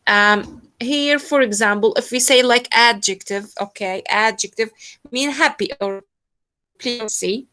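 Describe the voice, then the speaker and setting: A woman's voice: fairly high pitch, a little slow, sharp tone, low-quality recording. A woman teacher leads an online pronunciation lesson, hesitant and full of fillers. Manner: hesitant, many fillers, switches into Arabic to explain.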